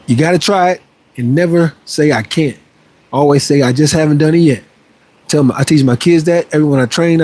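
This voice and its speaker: A fitness streamer and trainer hosts a casual livestream, reading viewer messages aloud and responding in an upbeat, motivational, playfully boastful way. His voice is on the high side and mellow.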